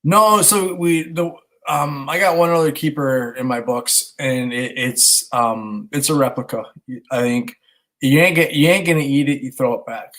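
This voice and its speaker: Minnesota guy in his 30s telling a fish story, lively, swears a bit, does all the voices. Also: medium pitch, normal speed. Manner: animated storyteller, swears casually, acts out dialogue. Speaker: podcast co-host, stay-at-home dad. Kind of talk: casual chat, storytelling.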